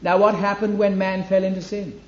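A man preaching a sermon with an emphatic, declaiming delivery. His voice sits high for a man. The recording is echoey and dull, with faint room ambience behind him. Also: little pitch movement, brisk. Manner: emphatic, rising to loud declamation on scripture.

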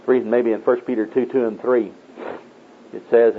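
Husky preacher man on tinny old tape. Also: little pitch movement, moderate pace, pauses often. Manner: folksy storytelling, acting out voices in raised pitch. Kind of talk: sermon.

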